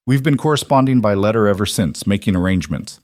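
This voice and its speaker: A man voicing a quiet young cowboy stranger who stays calm and measured even when threatening. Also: on the low side, no echo, studio quality, lightly acted. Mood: cool.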